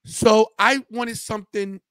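High-voiced man chatting animatedly. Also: measured pace, dry recording. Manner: animated storyteller, quotes friends in a loose slangy way. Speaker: podcast host. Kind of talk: casual watch-party chat.

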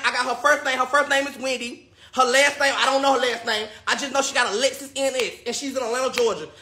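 A man ranting in a vlog, loud, exasperated and profane, and repeating himself over and over. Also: very high-pitched. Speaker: vlogger. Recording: echoey room.

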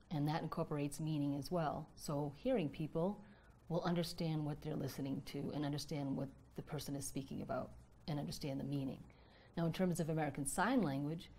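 Low-pitched lady teacher explaining stuff step by step, calm and clear. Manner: measured, explanatory, with acted example lines. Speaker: educator presenting a literacy strategy. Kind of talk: instructional explanation.

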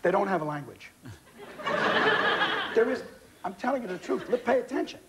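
A man in his sixties, a guest comedian on a TV talk show, telling stories with animated delivery and put-on voices. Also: very high-pitched, moderate pace, heavy background noise. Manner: animated, shouting punchlines, mimicking voices. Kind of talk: comic storytelling on a talk show. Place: TV studio with audience.

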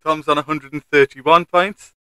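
A man with a Northern English accent hosts a stream and keeps score aloud during a casual chat with fellow gamers, often trailing off. His voice is slightly high, bright, and forceful, with fairly even intonation and a moderate pace, on poor audio with slight background noise.

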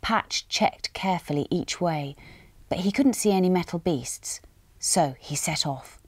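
A woman narrating a children's storytime, expressive and dramatic, dropping to a hush at tense moments. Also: on the low side, measured pace, no room sound.

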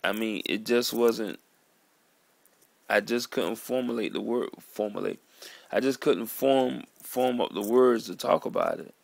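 A man in an earnest, halting vlog monologue, sitting at home at his computer. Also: on the low side, vocal fry, no room sound. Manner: earnest, halting, repeats words and calls listener "man". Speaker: vlogger. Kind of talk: emotional monologue to camera.

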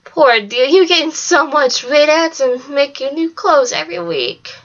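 A woman reading aloud, voicing a gentle elderly grandmother who speaks softly, slowly and soothingly. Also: sits high, muffled recording, pitched above the performer's own voice. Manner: soft, slow, soothing. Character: soft-spoken elderly grandmother, gentle and doting.

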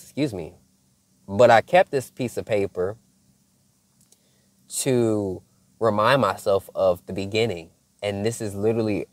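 A man's voice: on the low side, darkish tone, no echo. A man sharing a spiritual testimony in a casual, earnest way, talking straight to his viewers. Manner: conversational and earnest, addresses viewers as y'all. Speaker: faith content creator.

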